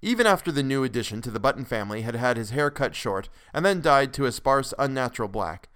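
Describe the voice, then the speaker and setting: Brief: a male podcast storyteller with a smooth, resonant voice, mid-pitched, measured and expressive. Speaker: podcast host and narrator. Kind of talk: dramatic storytelling reading.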